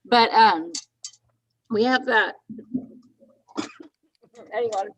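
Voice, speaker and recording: A woman's voice: fairly high pitch, extremely slow, a little hiss or hum, low-quality recording. A woman co-hosts in a chatty, upbeat way and laughs a lot. Her speech is informal and easygoing, with a casual "y'all". She drifts from topic to topic. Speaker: co-host of an astronomy community livestream. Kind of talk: casual chat.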